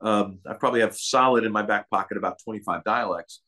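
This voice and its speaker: A man's voice: on the low side, quick pace, bright, forceful tone. An older man from Kentucky, a guest actor, chatting in an interview and telling meandering stories. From Kentucky, USA. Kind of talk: casual interview chat.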